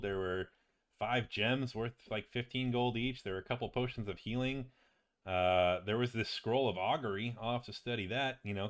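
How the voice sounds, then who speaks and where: A man voicing a chatty, excitable male wizard ally who rambles on in a tabletop game. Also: lowish voice, voice pushed up, close to an everyday voice.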